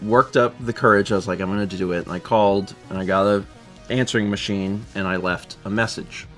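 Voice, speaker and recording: A man's voice: fairly quick, faint music behind. A man in his thirties, co-host of a casual live show, telling a story with lots of laughter and restarts. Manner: animated, laughing, voice climbs high when quoting people.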